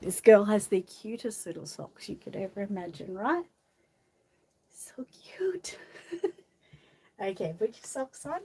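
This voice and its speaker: A woman's voice: medium pitch, expressive, normal speed, few pauses, mellow, breathy edge. An Australian woman hosting a casual live stream, reading viewer comments aloud and coaxing a doll in a fond sing-song voice, laughing often. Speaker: vlog host.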